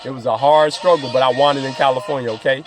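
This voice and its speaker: Speaking quickly in a steady, mid-range voice, a man runs a podcast monologue that rambles loosely, swears heavily, and breaks into laughter a lot. Music plays behind this phone-recorded clip.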